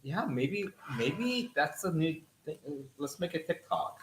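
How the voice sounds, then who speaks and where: A man co-hosting a live cooking stream from a home kitchen, joking around in relaxed, playful chat. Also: a little high, a little slow, reverberant, a little hiss or hum. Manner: playful and animated, jokes along. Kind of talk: casual chat.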